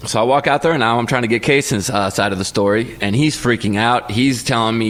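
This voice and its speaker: A man in his thirties co-hosting a casual podcast chat, telling stories with lively energy and acting out his kids' voices. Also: mid-range voice, fast, few pauses. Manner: animated storyteller, acts out his kids' voices. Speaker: podcast co-host.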